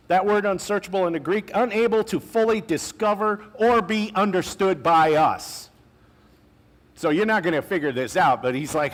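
A male pastor preaching a sermon in a conversational way, with casual asides and slang, slowing down to stress key phrases. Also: on the high side, animated.

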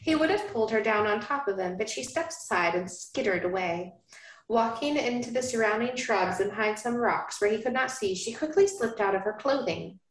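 A woman hosting a podcast, reading a romance novel aloud in a hushed, dramatic cadence. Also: a little high, animated, brisk. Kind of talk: dramatic reading with joking asides. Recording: roomy, echoey room.

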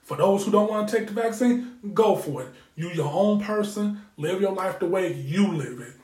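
Man telling a story, profane, rambling, candid, somewhat high voice, roomy echo. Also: expressive, normal speed, darkish tone. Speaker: podcast host. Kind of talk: casual storytelling.

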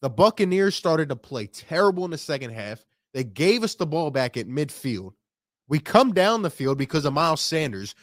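A man's voice: on the high side, very animated, normal speed, no room sound, clean studio sound. A young man ranting in frustration after his team's loss, firing off rhetorical questions to his stream chat. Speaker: sports fan streamer. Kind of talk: ranting post-game commentary.

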